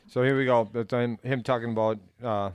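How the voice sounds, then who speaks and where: A man's voice: medium pitch, fairly even intonation, brisk, clean tone. Easygoing male podcast host. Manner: easygoing, with hesitant restarts. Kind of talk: casual podcast chat.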